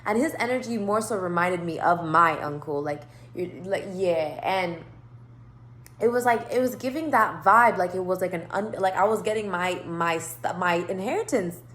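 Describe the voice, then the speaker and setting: A woman's voice: fairly low pitch, normal speed, fairly bright tone, a little hiss or hum. A woman hosting her tarot channel, telling a rambling storytime monologue with lots of swearing, laughter and asides.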